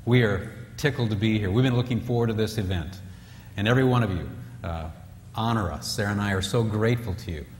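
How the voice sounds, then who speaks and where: A man's voice: fairly low pitch, fast talker, a little hiss or hum. A man giving a humorous talk on marriage at a retreat, acting out husbands and wives in raised voices. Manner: joking, acts out quoted spouses in raised voices. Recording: distant reverberant hall with faint ambience.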